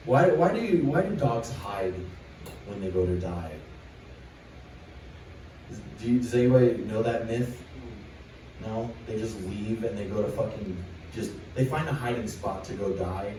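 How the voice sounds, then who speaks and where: A young man performs a rambling, crude open-mic stand-up set on a small club stage, reading jokes from a list. His voice is low, and the echoey recording was made from far away with background noise.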